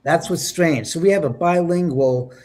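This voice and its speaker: A man with a slightly high voice recounts his experiences as an interview guest. He tells it with a lot of life, acting out quotes, exclaiming and sometimes dropping to a whisper. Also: normal speed, darkish tone. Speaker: paranormal investigator guest. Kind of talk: animated storytelling in an interview.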